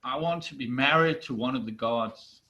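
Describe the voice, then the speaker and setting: A man voicing a furious, grieving giantess who speaks in loud, defiant declarations in a spoken storybook tale. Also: very deep voice, moderate pace. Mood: demanding.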